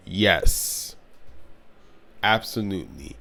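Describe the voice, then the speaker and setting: A man's voice: on the low side, slow pace. A young man giving an earnest, blunt commentary on his vlog, now and then sarcastic. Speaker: video commentator.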